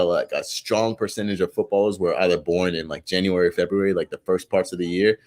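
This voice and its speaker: A man's voice: sits low, fairly even intonation, brisk, darkish tone. A man co-hosting a sports watchalong stream, chatting casually and rambling with lots of filler words. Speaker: watchalong co-host. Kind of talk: casual chat.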